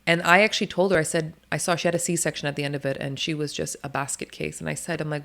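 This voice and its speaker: A woman's voice: sits low, fairly even intonation, gravelly, fairly bright tone. A woman, a doula and interview guest, telling her stories in a blunt, emphatic way and swearing freely. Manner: rapid, run-on storytelling. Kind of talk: candid storytelling interview.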